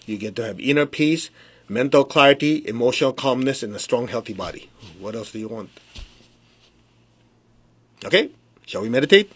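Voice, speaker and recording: A man's voice: medium pitch, breathy edge. A man, a spiritual teacher, giving a conversational motivational talk on a phone livestream, with rhetorical questions and direct address to the audience. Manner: calm guided affirmations. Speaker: spiritual teacher leading a meditation.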